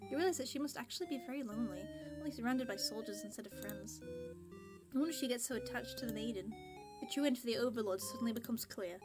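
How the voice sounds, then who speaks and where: A young woman chats excitedly through a game and reads its text aloud, giggling often as her voice tires. Her pitch sits a little high. Game music plays clearly underneath. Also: fast. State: voice getting tired. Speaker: streamer. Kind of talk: let's play commentary and reading game text.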